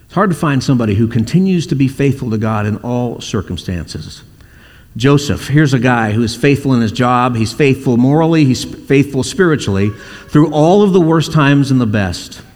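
A man preaching a sermon at a middle pitch, with the long reverb of a church hall around him. He tells stories and acts out the quoted voices in them. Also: lively intonation, normal speed, darkish tone. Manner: storytelling, acting out quoted voices. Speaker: pastor.

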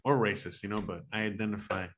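A man streaming a game, chatting casually with loud, crude joking and plenty of swearing. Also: on the low side, steady tone, fast talker, slight background noise. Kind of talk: casual gaming chat.

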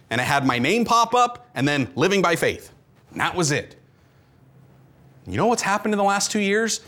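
A man preaching a conversational sermon as a pastor, animated and full of rhetorical questions. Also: high-pitched.

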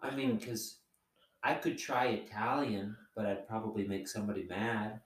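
A man's voice: on the low side, fairly even intonation, normal speed, recorded from a distance, slight background noise. A man co-hosting a podcast in casual, joking chat. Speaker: podcast co-host. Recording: echoey room, off-mic.

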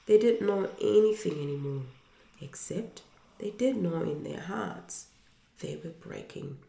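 A woman reads a children's storybook aloud with an earnest, heartfelt delivery. Her voice is low and gravelly and she takes her time, in a room with a clear echo. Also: expressive, a little slow, warm tone. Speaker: parent reading to listeners. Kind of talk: storybook reading. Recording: roomy echo.

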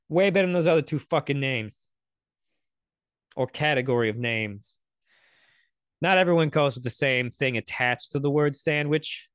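A man riffing through a casual reaction commentary, cursing freely and drifting off into sarcastic tangents. His voice sits on the high side, and the sound is dry and close with no room around it. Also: fairly bright tone, no echo. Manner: profane, rambling, sarcastic asides. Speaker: commentary host.

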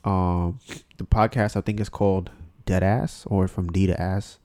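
A man's voice: sits low, fairly even intonation, a little slow, darkish tone. A man hosting a casual podcast, talking bluntly with plenty of swearing and often acting out what other people said. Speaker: podcast host.

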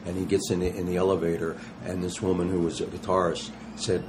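A man in his sixties with a fairly low voice, talking as a guest in a casual interview. He tells animated stories full of slang and acts out what others said, with a faint hum of noise behind him. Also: fast. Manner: animated, slangy storyteller who acts out quotes. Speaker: touring rock musician, guest.

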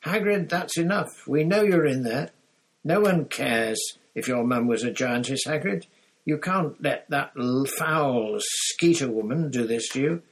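A man voicing a bossy teenage schoolgirl who speaks shrilly and indignantly, with a gravelly, husky edge. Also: mid-range voice, expressive, measured pace, a bit bright, heavily acted. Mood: shouting.

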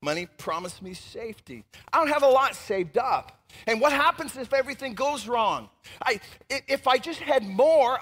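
A man preaching a sermon as pastor, animated and emphatic, swinging between loud outbursts and hushed asides. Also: sits high, in a large hall.

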